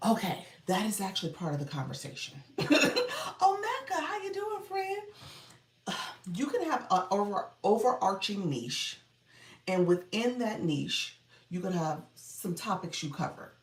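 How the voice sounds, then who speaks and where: A woman hosting a live coaching stream chats casually with viewers, naming them as she greets them and laughing often. Her low voice has lively intonation and a moderate pace, picked up by a distant mic in an echoey room, slightly off mic.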